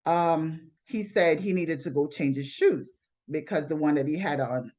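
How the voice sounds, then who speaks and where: A woman's voice: low-pitched, unhurried, darkish tone. A woman telling her personal testimony in an earnest, plainspoken way, often restarting her sentences. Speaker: testimony sharer. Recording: slightly dull lo-fi recording.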